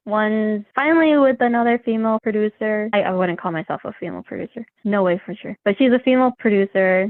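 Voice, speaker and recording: A woman in her thirties from Wisconsin, a singer-songwriter guest telling stories in casual interview chat, animated and laughing often. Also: mid-range voice, no room sound. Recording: tinny phone-like line.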